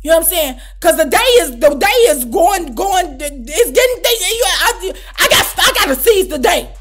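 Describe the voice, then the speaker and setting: A woman with a high voice tells a personal story straight to camera. She talks casually, with loud, exclamatory bursts and plenty of swearing. Her delivery stays animated the whole way through. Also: normal speed. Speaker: storytime vlogger.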